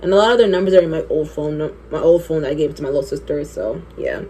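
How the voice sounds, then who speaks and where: Husky young woman telling a story. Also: low-pitched, quick pace. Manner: animated, profane storytelling. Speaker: beauty vlogger. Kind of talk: storytime while doing makeup.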